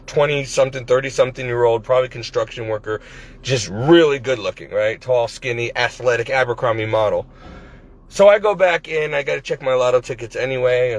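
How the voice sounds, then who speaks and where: A man in his forties talking in a casual personal vlog, rambling and hesitant with many restarts, recorded on a phone. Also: medium pitch. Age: 40s. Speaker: vlogger. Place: at his workplace.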